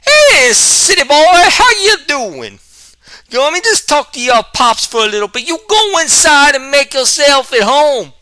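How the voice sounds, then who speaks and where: A man voicing a loud, boisterous middle-aged hillbilly uncle with an Appalachian drawl, shouting slow and high. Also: sing-song, dry recording, heavily acted. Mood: hearty.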